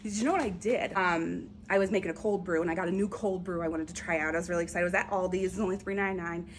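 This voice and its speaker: Chatty, excitable woman unboxing returns. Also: fairly low pitch, racing, slight background noise. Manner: chatty, excitable, talks to viewers while unboxing. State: over-caffeinated. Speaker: reseller vlogger. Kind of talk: casual unboxing vlog.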